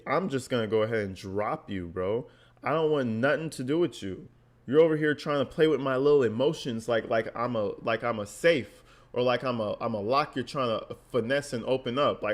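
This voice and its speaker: A man's voice: mid-range voice, normal speed. A man vlogging commentary, reading text messages aloud and reacting bluntly and sarcastically, swearing freely.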